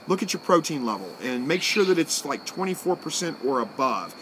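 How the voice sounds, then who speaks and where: A man, hosting a live stream and answering viewer comments in a relaxed, folksy way that thinks out loud. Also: fairly high pitch, brisk, hardly any pauses, slight background noise. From Southwest Missouri, USA. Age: 40s.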